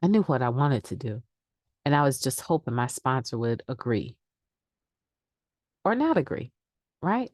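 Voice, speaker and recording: A middle-aged woman with a low voice shares frankly about recovery, speaking conversationally as she leads a daily meditation. The sound is dry and close, with no room echo. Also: big pitch swings, unhurried, long pauses, a little mellow. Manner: candid, conversational, acts out quoted excuses. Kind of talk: daily meditation reading and sharing.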